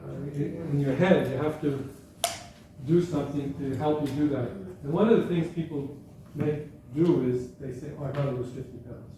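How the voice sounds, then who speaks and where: A guest speaker at a school gathering gives an informal, chatty talk in a hall, telling anecdotes and often correcting himself mid-sentence. His voice is fairly high and mellow, with a steady tone and normal speed. The room echoes, he stands far from the mic, and there is faint background noise.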